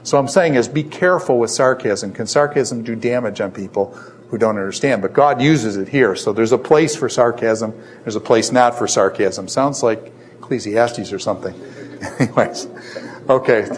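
A man's voice: mid-range voice, moderate pace. A middle-aged man teaching a lecture on scripture, who poses questions and then answers them himself. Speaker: Bible teacher.

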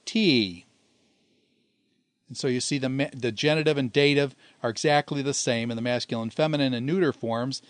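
A man giving a recorded grammar lesson, explaining patiently and slowing down to spell out word forms. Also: mid-range voice, dry recording. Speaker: Greek teacher.

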